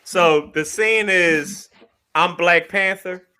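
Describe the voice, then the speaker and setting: A man's voice: high-pitched, slow pace, clear, resonant tone. A man co-hosting a podcast in casual banter. He jokes around and laughs easily. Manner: animated, joking, laughs easily. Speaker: podcast co-host.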